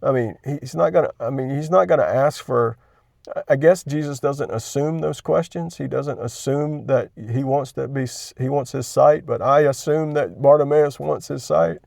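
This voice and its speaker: A man hosting his own channel, talking candidly and emotionally about his faith, halting and restarting as he gets worked up. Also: medium pitch, gravelly, darkish tone, no room sound, clean studio sound. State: chronic pain. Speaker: Christian video host. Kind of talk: emotional personal reflection.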